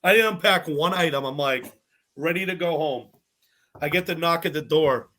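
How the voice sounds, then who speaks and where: A young man, a podcast guest telling stories from a cooking show in a bubbly, animated way, acting out other people's lines and swearing freely. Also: on the high side, normal speed. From Massachusetts, US. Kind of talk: casual storytelling chat.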